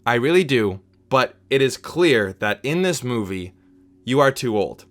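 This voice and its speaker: This is a man talking through a film review in a relaxed, conversational way. He sounds opinionated and chatty, often breaking off with asides to the viewer. His voice sits at an ordinary middle pitch. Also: a little slow. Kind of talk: casual spoken film review.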